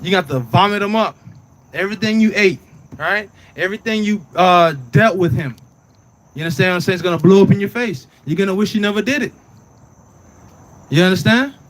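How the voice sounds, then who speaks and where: A man's voice: high voice, fairly quick, pauses often. A man teaching scripture in a casual preaching way, often asking "right?" and "you understand?" and telling the reader to read on. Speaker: Bible teacher.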